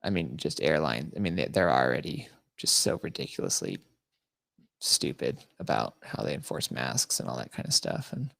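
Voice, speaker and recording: A man's voice: very deep voice, sing-song, normal speed, gravelly, fairly bright tone, no room sound. A man hosting a podcast in casual chat, telling crude, mocking stories and laughing often. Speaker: podcast host.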